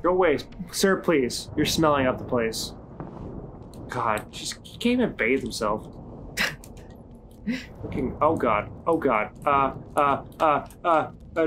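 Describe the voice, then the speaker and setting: With game music in the background, a gamer narrates a let's play casually, swearing, panicking, and mocking himself. The mid-range voice has a fairly bright tone, and a little hiss or hum can be heard.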